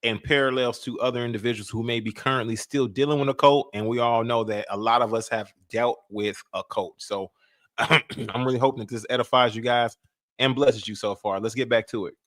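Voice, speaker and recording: A man hosting a podcast, giving casual commentary on a clip he is reacting to, with many pauses and fillers. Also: mid-range voice, steady tone, fairly bright tone, no room sound, studio quality.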